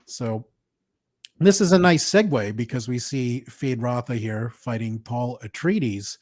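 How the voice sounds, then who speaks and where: A man hosting a casual film review chat, opinionated and quick to laugh. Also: medium pitch, a little mellow, no echo. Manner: laughs often, opinionated and chatty. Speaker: podcast host.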